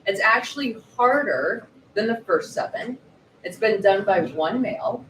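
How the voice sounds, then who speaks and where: Woman, 40s, author guest at a live event; lively, acts out quotes; mic a bit far, roomy echo, faint hiss. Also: medium pitch, measured pace. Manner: lively, animated storyteller acting out quotes. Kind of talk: storytelling at a live book event. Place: bookshop event space.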